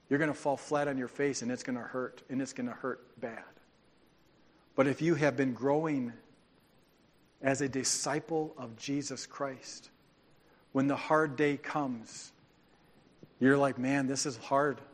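A man preaching a sermon as pastor, speaking in an animated, informal way with restarts and asides. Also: medium pitch. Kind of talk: conversational sermon.

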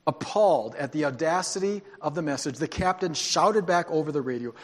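A pastor giving a sermon, telling a story dramatically and moving between hushed and loud passages. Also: male voice, on the high side, expressive, normal speed, few pauses. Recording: long hall reverb.

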